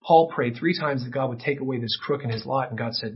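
A man preaching a sermon as pastor, impassioned, with peaks that rise to near-shouting. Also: medium pitch, a little fast, hardly any pauses, husky. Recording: dull lo-fi sound.

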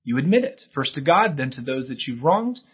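A man's voice: mid-range voice, very animated, fairly quick, slightly rough, dull audio. A man preaching a sermon as pastor, earnest and emphatic, often pushing his voice up for emphasis.

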